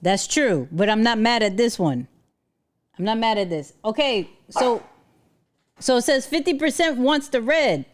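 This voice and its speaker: A woman's voice: a little high, animated, measured pace. A woman hosting a casual livestream from home, chatting with viewers and talking to her dog. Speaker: livestream host.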